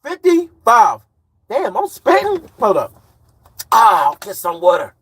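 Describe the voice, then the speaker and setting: This high-pitched truck driver from Chicago, in his forties, rambles through a live stream, reading comments out in slang. He takes his time, his pitch swings hugely, and his fairly bright tone carries a breathy edge.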